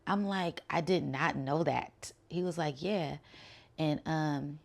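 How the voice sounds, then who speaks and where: A young woman telling a relaxed, chatty spiritual story, full of "um" and "like". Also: sits low, takes it slowly, vocal fry. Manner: relaxed and chatty, many fillers like "um" and "like". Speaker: spiritual channel host.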